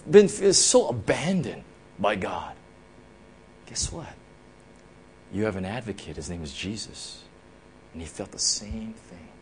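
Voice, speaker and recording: A man preaching a sermon, asking "right?" often and swinging from loud, emphatic lines to hushed, intimate ones. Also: mid-range voice, slight background noise. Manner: animated, rises loud then drops to near whispers, frequent "right?".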